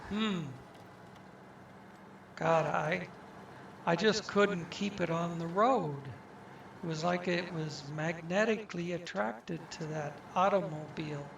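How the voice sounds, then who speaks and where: A man casually talking to himself as he plays a truck game, musing slowly and thinking aloud. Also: high voice, gravelly, slight background noise. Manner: slow, musing, talks to himself. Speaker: gaming channel host. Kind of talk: casual gameplay commentary. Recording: roomy, distant mic.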